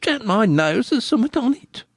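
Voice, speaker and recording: A man's voice: extremely high pitch, very animated, moderate pace, slightly rough, no room sound, clean studio sound, voice pushed up, heavily acted. A man voicing a stout, matronly village woman who speaks tartly in a rustic dialect. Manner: tart, skeptical rustic speech.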